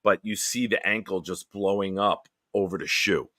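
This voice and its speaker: A man hosting a late-night live stream hangout, telling stories in a profane, animated way. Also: low-pitched, normal speed, no echo, studio quality. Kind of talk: casual late-night storytelling.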